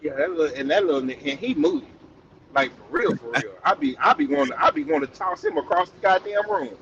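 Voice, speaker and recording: A man's voice: on the high side, expressive, quick pace, fairly bright tone, muffled recording. A man co-hosting a casual podcast, laid-back and rambling, often restarting his sentences. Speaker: podcast co-host. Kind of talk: casual chat.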